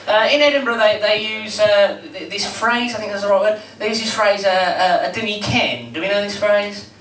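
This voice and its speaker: An eighteen-year-old man does rambling, chatty stand-up on a comedy club stage, baiting the crowd and using many fillers. His high-pitched voice is steady, brisk and fairly bright. It's heard from a distance in an echoey, noisy room.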